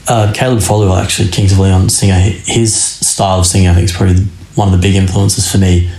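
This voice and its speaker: A man's voice: low voice, level tone, quick pace, creaky, a little mellow. A young man, a rock band's singer, talking loosely in a casual podcast chat with many fillers and restarts. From Australia. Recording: roomy echo.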